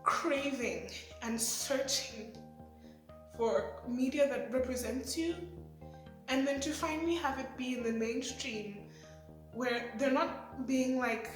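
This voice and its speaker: A woman in her twenties talking through a show review, excitable and rambling with lots of fillers. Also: high voice, slow. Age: 20s. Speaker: vlogger. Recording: echoey room, faint music.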